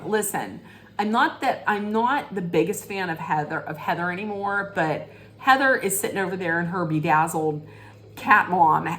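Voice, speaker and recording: A woman in a casual, gossipy recap, talking slowly and taking her time. Her voice sits a little low, and she rambles from one point to the next, slipping into the quotes as she goes. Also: fairly bright tone. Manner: rambling storytelling, acts out quotes. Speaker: reality TV recapper.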